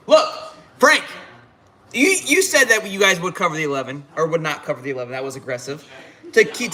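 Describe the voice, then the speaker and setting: A man's voice: a little high, bright, forceful tone. A tipsy man hosting a live halftime reaction stream, fired up and rambling with frequent restarts. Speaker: fan livestream host.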